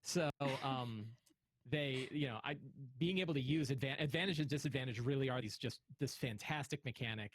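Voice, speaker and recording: A man's voice: medium pitch, a little fast, fairly bright tone, dry recording. A man game master on a panel, explaining earnestly and often repeating words. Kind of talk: casual panel discussion.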